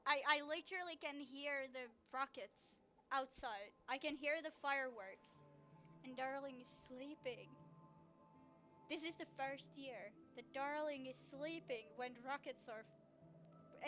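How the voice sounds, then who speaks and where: A woman streaming from home on her setup mic, chatting casually in a gushing, excitable way, swearing and often restarting her sentences. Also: high-pitched. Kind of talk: casual live-stream chat.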